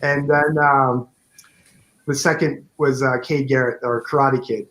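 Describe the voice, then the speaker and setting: A man in a relaxed interview talks through how his fan film came together. He rambles, leaning on fillers and restarting his sentences. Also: medium pitch, a little slow, slight background noise, poor audio. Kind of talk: casual interview chat.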